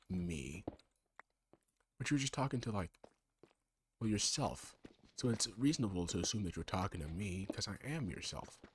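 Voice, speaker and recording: Here a let's play creator in his twenties talks in a lowish voice over slight hiss or hum. His casual gaming commentary is rambling and sarcastic, split into two sides of himself that bicker back and forth.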